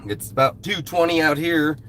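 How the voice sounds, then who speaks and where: A man's voice: fairly high pitch, moderate pace, a bit bright, a little hiss or hum. Blunt, cussing man streaming with a cold. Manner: blunt, heavy swearing, irritated with a commenter. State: fighting a cold, coughing. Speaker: live streamer. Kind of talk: casual live stream chat. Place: outdoors at a rural camp.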